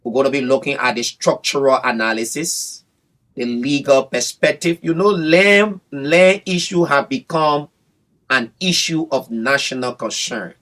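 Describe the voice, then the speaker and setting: A man's voice: mid-range voice, measured pace, fairly bright tone. A man, a bar association representative speaking emphatically in a radio interview, often repeating his phrases. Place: radio studio.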